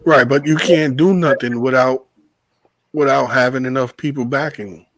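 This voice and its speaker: Animated swearing bus driver. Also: male voice, mid-range voice, normal speed, no room sound, poor audio. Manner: animated storytelling, swears freely, laughs. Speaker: podcast host, bus driver. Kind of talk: casual chat.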